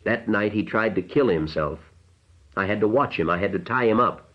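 A guilt-torn man speaks in a low, cracked voice that shakes and breaks, jumping up in strained bursts, as a male storyteller plays him. The sound is muffled and lo-fi. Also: moderate pace, lightly acted. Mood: anguished. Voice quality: cracked, trembling voice. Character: grief-stricken man with a shaking, breaking voice.

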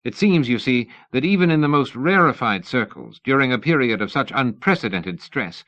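A man reading a suave, cordial Victorian gentleman journalist with a polite, genteel manner. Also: mid-range voice, lively intonation, moderate pace, lo-fi sound, voice pushed up, close to an everyday voice. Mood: courteous. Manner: polite, genteel, feigning innocence.

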